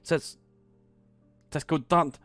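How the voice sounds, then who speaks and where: A man voicing a shy, flustered young Frenchman with a French accent who speaks halting, broken English. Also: a bit bright, no room sound, faint music behind.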